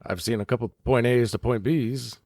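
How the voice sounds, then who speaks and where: A man playing a tabletop game, speaking in character in a deadpan, teasing way. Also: medium pitch, normal speed, no room sound, clean studio sound. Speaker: player.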